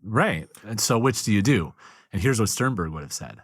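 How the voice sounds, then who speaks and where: Brief: man on a podcast, low voice, dry close sound, animated storyteller. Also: normal speed, dry recording. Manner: animated storyteller, acts out quotes. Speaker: marriage guest speaker. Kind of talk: podcast conversation.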